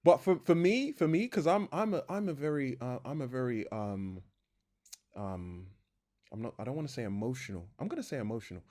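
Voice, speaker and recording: A man's voice: mid-range voice, animated, fairly quick, a little mellow. A young man co-hosting a casual podcast chat, rambling, correcting himself and laughing often. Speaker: podcast co-host.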